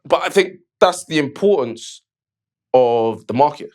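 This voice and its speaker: A man's voice: on the high side, animated, a little slow, darkish tone. A man co-hosting a casual debate show, pushing back with easygoing slang and fillers. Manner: casual, defends his view with slangy fillers. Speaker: co-host.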